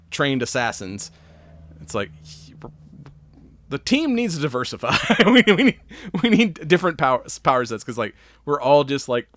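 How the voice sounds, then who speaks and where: A podcast co-host in loose, rambling conversation, laughing often and swearing freely. The man sits at a middle pitch, and his voice is dry and close with no room sound. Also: fairly bright tone, no room sound. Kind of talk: casual chat.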